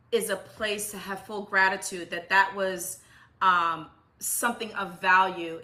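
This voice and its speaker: A woman's voice: mid-range voice, pushed and bright. A middle-aged woman, an interview guest, telling personal stories in an earnest, reflective way, emphatic with repeated phrases. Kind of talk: heartfelt conversational storytelling.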